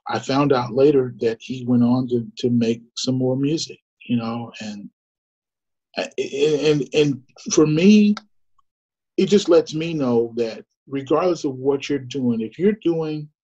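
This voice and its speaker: A man's voice: medium pitch, warm tone, breathy edge. A middle-aged man giving an earnest, conversational personal testimony, full of fillers and restarts. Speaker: guest storyteller. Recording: muffled lo-fi recording.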